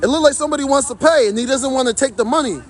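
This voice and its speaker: A man's voice: extremely high pitch, racing. A man livestreaming outdoors from his phone, indignantly commenting to his chat in a repetitive way.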